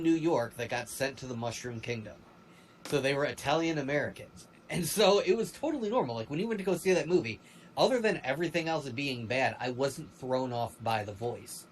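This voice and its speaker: A man co-hosting a livestream in casual chat, rambling and animated, with many fillers and restarts. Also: medium pitch, a little hiss or hum, rough recording. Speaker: stream co-host.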